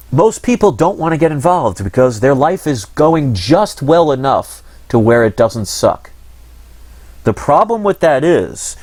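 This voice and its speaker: A man hosting his own channel delivers a casual, earnest monologue that rambles and turns frustrated. His voice is medium-pitched with a darkish tone, and there's no echo.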